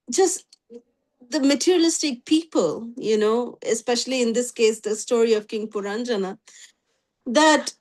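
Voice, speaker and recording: Woman, high voice, scripture teacher, chatty, video call. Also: a little mellow. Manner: conversational, many "you know" fillers. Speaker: spiritual class teacher. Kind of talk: scripture class talk with storytelling.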